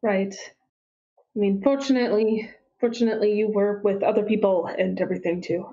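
A woman's voice: mid-range voice, fairly even intonation, fairly quick, mellow, highs cut off. A woman playing a tabletop role-playing game, speaking politely with hesitations. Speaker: player.

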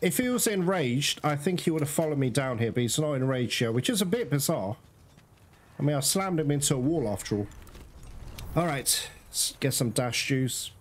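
A man's voice: a little high, expressive, moderate pace, slight background noise. Frustrated man commenting on his gameplay. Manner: frustrated, swearing, exclaiming at the game. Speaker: gaming channel host.

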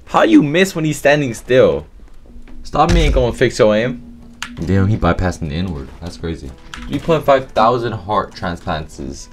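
A man's voice: on the low side, sing-song, a little slow, faint music behind. A man giving casual, profane gameplay commentary, full of slang and trash talk as he plays. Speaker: gaming YouTuber.

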